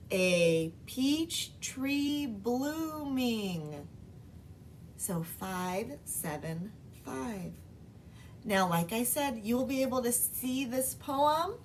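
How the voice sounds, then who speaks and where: A woman teacher giving a recorded literacy lesson to young students, speaking slowly and clearly and stretching out syllables. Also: a little high, a little hiss or hum.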